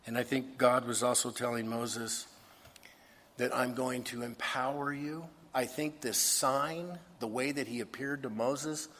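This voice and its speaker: A man with a husky, slightly breathy voice delivers a sermon as a pastor. He swings from hushed, intimate lines to emphatic ones. His voice trails off into the long reverb of a big hall. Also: mid-range voice. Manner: earnest, shifts between hushed and emphatic.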